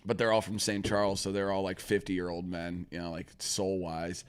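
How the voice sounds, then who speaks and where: A man's voice: deep voice, level tone, normal speed, smooth. A man in casual podcast chat, telling a rambling, profane story and laughing often as he goes. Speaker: podcast co-host.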